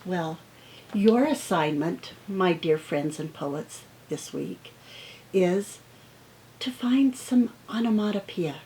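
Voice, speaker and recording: A middle-aged woman teacher reading picture books aloud to children, acting out the sound words with animated expression. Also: lowish voice, a little hiss or hum, poor audio. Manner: slow, gentle pace.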